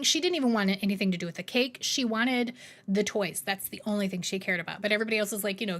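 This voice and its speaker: A woman in her thirties, a streamer chatting casually with her live chat, rambling between bright greetings and quiet low asides.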